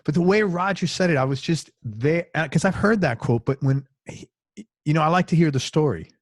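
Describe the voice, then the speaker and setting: A man's voice: fairly high pitch, lively intonation, brisk, no echo. Chatty male interviewer, dry sound. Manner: loose and chatty, says "man" often. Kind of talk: casual interview chat.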